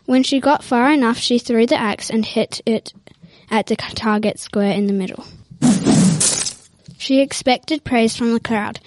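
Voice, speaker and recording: A woman's voice: fairly high pitch, fairly even intonation, measured pace, very noisy. Woman reading a story, hesitant.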